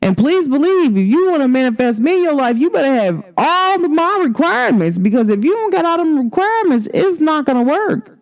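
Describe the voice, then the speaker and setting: Woman astrology host, casual and sassy, very lively pitch, talks straight to her viewers. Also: brisk. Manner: emphatic, sassy, slangy, swings pitch for emphasis. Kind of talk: casual spiritual talk to viewers.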